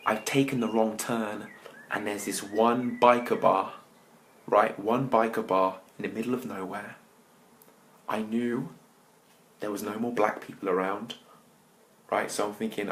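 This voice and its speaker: An English man, a motivational speaker, tells a lively personal story and talks to the listeners directly. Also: on the low side, slight background noise. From England. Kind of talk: storytelling talk.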